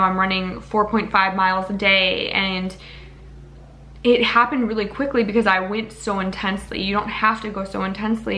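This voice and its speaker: A woman's voice: mid-range voice, sharp tone. A young woman vlogging to camera in an earnest, rambling, emotional way. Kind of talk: casual talking-to-camera vlog.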